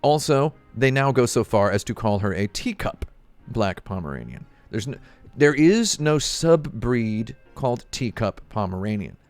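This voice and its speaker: A man streaming, telling a sardonic story as a casual comedic rant, deadpan, with bursts of mock outrage. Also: medium pitch, a little slow, hardly any pauses, no echo, faint music behind.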